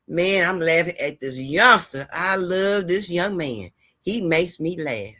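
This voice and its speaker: Her voice is lowish, a little slow, and sharp in tone. She hosts a gossip and news channel and delivers a rambling, chatty vlog monologue straight to her audience, full of heartfelt advice on life.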